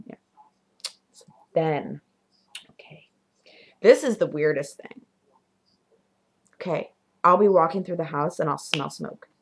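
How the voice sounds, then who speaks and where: Gravelly-voiced young woman telling ghost stories. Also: fairly low pitch. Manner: animated, drops to whispers at spooky moments. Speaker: vlogger. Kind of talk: casual storytelling.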